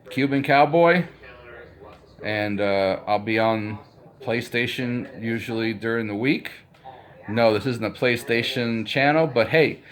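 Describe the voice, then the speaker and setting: A man's voice: on the low side, a bit bright. A man in his fifties chatting casually to his channel, rambling with lots of fillers and restarts. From United States. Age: 50s. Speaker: vlogger. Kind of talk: casual chat.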